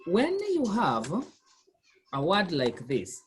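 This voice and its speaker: A woman tutors a learner one-on-one in a husky, slightly low voice. Her pitch moves a lot as she patiently repeats questions to the learner. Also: wildly swooping pitch, slow pace. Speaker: language tutor. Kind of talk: one-on-one lesson.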